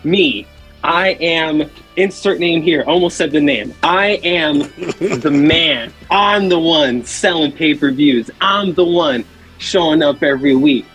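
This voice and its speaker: A man's voice: on the high side, slow, a bit bright, slightly rough, faint music behind, heavily acted. A man voicing a self-important male wrestler in a rambling, boastful monologue. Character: self-important male wrestler bragging about his comeback.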